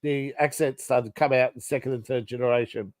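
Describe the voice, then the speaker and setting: A man's voice: medium pitch, fairly even intonation, a little fast, a little mellow, dry recording. A man with an Australian accent, co-hosting a podcast in casual chat, blunt and chatty, laughing often. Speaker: podcast co-host.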